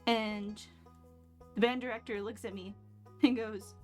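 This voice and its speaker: A woman's voice: mid-range voice, steady tone, normal speed, long pauses, a little mellow. A woman in her twenties telling a story casually while streaming at home, blunt and sarcastic, swearing freely. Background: faint background music.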